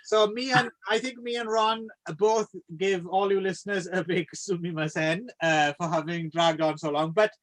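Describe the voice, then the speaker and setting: A man's voice: sits high, steady tone, normal speed, few pauses, fairly bright tone. A man hosting a casual film podcast, joking and laughing often. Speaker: podcast host. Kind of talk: casual chat about films.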